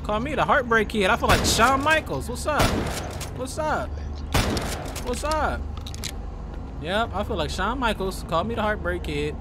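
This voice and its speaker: High-voiced man trash-talking through a game. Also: very animated, a little slow, long pauses, very noisy. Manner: loud, joking trash talk at game enemies. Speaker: gaming streamer. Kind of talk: let's play commentary.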